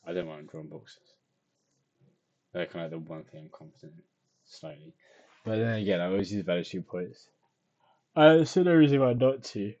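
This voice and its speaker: A man's voice: low-pitched, animated, moderate pace, gravelly, pauses often, mellow, dull audio. A tired young man, rambling and self-deprecating as he talks through his drawing in a casual video diary. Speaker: vlogger.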